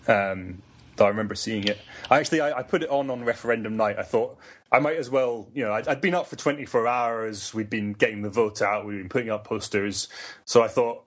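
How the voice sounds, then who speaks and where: A young Scottish man answering questions in a relaxed conversation, often restarting sentences and laughing lightly. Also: on the low side, fairly quick. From Scotland. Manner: hesitant, many restarts, laughs easily. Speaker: guest. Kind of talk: casual conversation.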